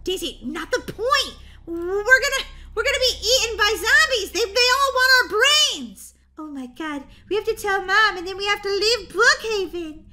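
Give me a woman doing a goofy, breathless schoolgirl with a high, bright voice. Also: animated, moderate pace, few pauses, full character voice. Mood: panicky. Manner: stammering, breathless and jumpy. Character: excitable schoolgirl, dramatic and goofy. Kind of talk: roleplay voiceover for a game video.

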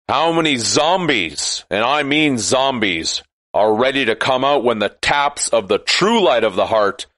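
A man delivering an impassioned, sarcastic monologue that at times rises to shouting. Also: medium pitch, dry recording.

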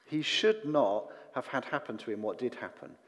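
A man giving a sermon in a relaxed, conversational way, with self-deprecating asides and fillers. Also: mid-range voice, normal speed. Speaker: preacher. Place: church hall. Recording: long church reverb.

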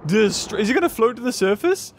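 A young man excitedly commentating his gameplay, often exclaiming and laughing. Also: high voice, fast talker. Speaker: gaming YouTuber. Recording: game music behind voice.

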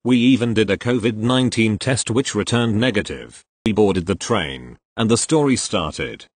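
A man reading online posts aloud as narrator, in an expressive storytelling manner. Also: lowish voice, normal speed, breathy edge, no room sound.

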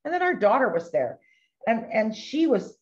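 A middle-aged woman telling a testimony story in an animated way, acting out the voices of the people she quotes. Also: a little high, normal speed. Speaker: ministry speaker sharing testimony. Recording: dull lo-fi recording.

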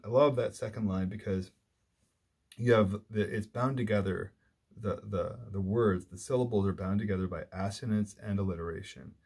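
A man giving a literature lecture, thoughtful and unhurried, with frequent fillers and restarts as he reads poetry aloud and pulls it apart. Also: lowish voice, darkish tone, slightly rough.

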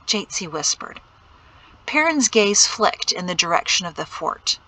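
A woman reading a novel aloud as an audiobook narrator, in a measured, steady storytelling manner. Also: on the low side, no room sound, poor audio. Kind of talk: scripted narration.

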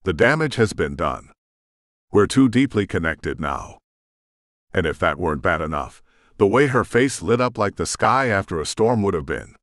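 A man's voice: low voice, very animated, normal speed, a bit bright, no room sound, clean studio sound. A man narrating a romance audiobook in first person with dramatic, intense storytelling.

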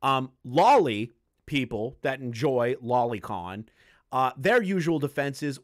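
A man hosting a reaction commentary, speaking bluntly and crudely and slowing down hard to stress his points. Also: medium pitch, lively intonation, no echo, clean studio sound. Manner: blunt, crude, slows down for emphasis. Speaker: commentary host.

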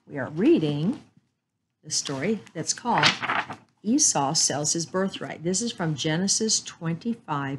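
A woman storyteller reading a chapter book and a Bible story aloud in a calm, measured way. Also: deep voice, a little hiss or hum, poor audio.

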